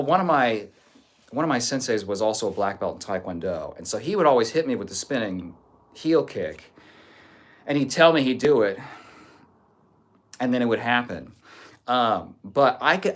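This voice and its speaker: A man hosting a live stream, chatting casually as he reads viewer comments aloud. He mocks trolls with deadpan sarcasm in a voice of ordinary male pitch. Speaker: livestream host.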